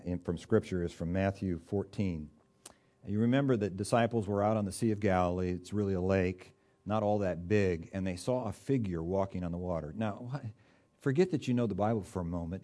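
A man's voice: lowish voice, dark tone. A man preaching a sermon in a conversational, folksy way, with touches of humor and rising bursts of emphasis.

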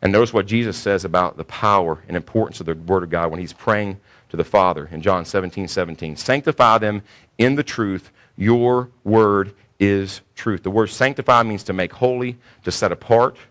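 A man's voice: sits low, fast talker, fairly bright tone. A man preaching a sermon to a congregation, emphatic, repeating key points and asking rhetorical questions. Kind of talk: sermon teaching.

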